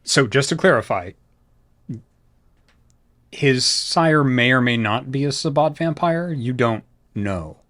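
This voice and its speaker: A man narrating a tabletop horror game as storyteller, in slow, hushed descriptive narration. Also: medium pitch, expressive, no room sound, studio quality.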